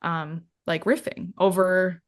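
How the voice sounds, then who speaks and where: A woman's voice: on the low side, flat delivery, slow pace. A young woman co-hosting a pop music podcast, talking enthusiastically and gushing over songs. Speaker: podcast co-host. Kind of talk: casual chat.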